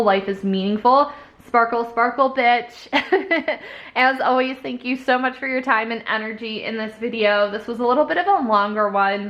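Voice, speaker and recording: A woman's voice: mid-range voice, a bit bright, muffled recording. A young woman giving a casual tarot reading, talking in a rambling, upbeat way full of fillers. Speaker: tarot reader. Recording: echoey room.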